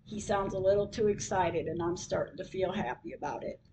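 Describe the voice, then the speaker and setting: An older woman hosting a podcast, reading a personal story aloud in a slow, measured way. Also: on the low side, a little mellow, slight background noise, low-quality recording. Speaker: podcast host.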